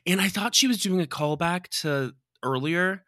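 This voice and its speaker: A man's voice: high-pitched, normal speed, pushed and bright, dry recording, studio quality. A man co-hosting a podcast in casual chat, dropping wry one-liners. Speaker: podcast co-host. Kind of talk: casual chat recapping a reality show.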